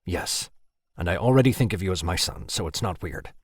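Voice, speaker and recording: Man voicing a terse protective father type, deep husky voice, dry recording. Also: expressive, fairly quick, dry recording. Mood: tender. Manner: gruff, terse, low-spoken. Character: gruff, protective older male leader, a father figure.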